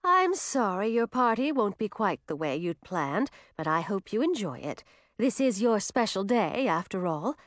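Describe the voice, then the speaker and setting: A woman voicing a kind adult witch aunt who speaks gently. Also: mid-range voice, very animated, moderate pace, dry recording, studio quality, close to an everyday voice. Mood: gentle.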